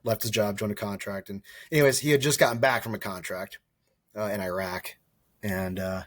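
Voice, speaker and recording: A man's voice: on the low side, fairly even intonation, a little fast, no room sound. Rambling, casually profane man of about forty. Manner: rambling, restarts and corrects himself often; casual and profane, acts out quoted dialogue. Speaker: podcast guest, former soldier and wildland firefighter. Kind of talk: casual storytelling interview.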